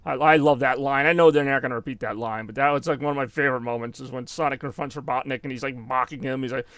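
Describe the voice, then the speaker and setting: A man's voice: medium pitch, fairly even intonation, fast talker, hardly any pauses, a bit bright, dry recording, studio quality. A man in his thirties giving rambling live commentary on a game, laughing often. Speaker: game streamer.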